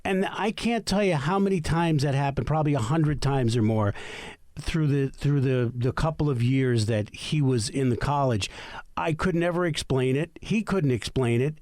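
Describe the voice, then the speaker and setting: A man's voice: mid-range voice, normal speed, a little mellow, dry recording. A middle-aged man, the host's husband, telling rambling, sarcastic anecdotes in a casual podcast chat.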